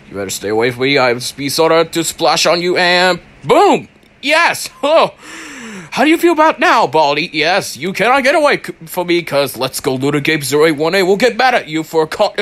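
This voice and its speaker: A young man with a fairly high, fairly bright voice gives let's play commentary on a horror game. He sounds panicky and pleading, repeating phrases over and over.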